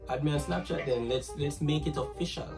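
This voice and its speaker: A man's voice: on the high side, a little fast. A man with a Jamaican accent hosting a casual vlog, slangy and loose, tossing "bro" and "you dig" into every line while he chats to strangers on a video app. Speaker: YouTube host. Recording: distant mic with loud music behind.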